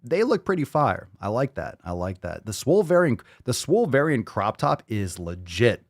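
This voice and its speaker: A man's voice: mid-range voice, big pitch swings, moderate pace, no room sound, clean studio sound. A man hosting a podcast, talking casually with lots of swearing, jokes and repeated phrases. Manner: profane, jokey, repeats phrases. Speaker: podcast host.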